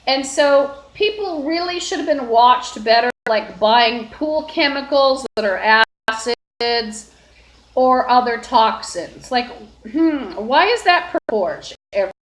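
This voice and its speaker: A livestreamer with a slightly high voice and lively intonation talks slowly to her phone from her apartment. Her solo stream is a long, meandering monologue full of fillers and restarts, and the room adds a noticeable echo.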